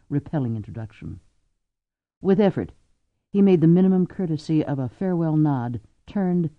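A man narrating an audiobook in an expressive, varied reading. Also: medium pitch, dry recording, phone-quality sound. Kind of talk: scripted narration.

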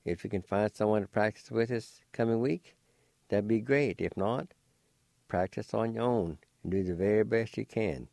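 An older man teaching a language lesson, slowly and patiently spelling out each word in syllables and repeating them. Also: lowish voice, vocal fry, darkish tone, no echo, studio quality. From Cherokee Nation, Oklahoma.

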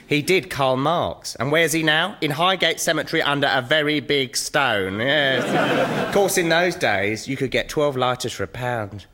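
A man's voice: mid-range voice, a little slow, bright, forceful tone. A man playing a chatty builder who rambles on with boastful tall tales. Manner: chirpy, rambling, boastful storyteller.

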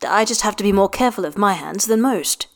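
A woman's voice: mid-range voice, fairly quick, close to an everyday voice. A woman voicing a flustered, put-upon man in a storybook reading, protesting in a raised, strained voice.

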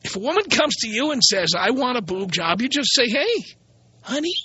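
A man's voice: very high-pitched, lively intonation, a little fast, sharp tone, slightly rough, dry recording, dull audio. Blunt ranting radio host, man. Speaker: radio talk show host. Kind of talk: opinionated radio monologue.

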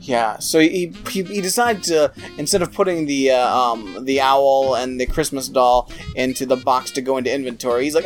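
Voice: medium pitch, steady tone, normal speed, few pauses, soft background music. A podcast co-host recapping a movie in casual chat, with sarcastic, exasperated asides.

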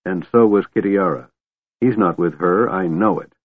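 A man voicing a grieving old male dwarf who mutters gruffly, in a storybook reading. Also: sits low, moderate pace, no room sound, phone-quality sound. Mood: brooding.

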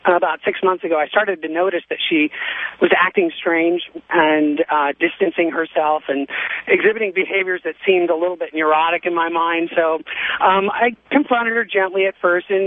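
High-voiced man on a tinny phone line. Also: fairly even intonation, moderate pace, no echo. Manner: rambling, many ums and restarts. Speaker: caller. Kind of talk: call-in radio story. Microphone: telephone.

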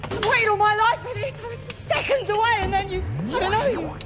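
A woman's voice: extremely high pitch, a little fast, fairly bright tone, faint music behind. A woman playing a brash, indignant bride, accusing and demanding. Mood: outraged.

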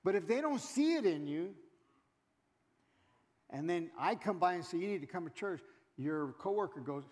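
A man's voice: sits high, expressive, normal speed, long pauses, darkish tone. A male pastor preaching a sermon, calling out to the congregation and acting out churchgoers in quoted asides. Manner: preaching with call-outs to the congregation. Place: church sanctuary. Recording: reverberant church hall with congregation.

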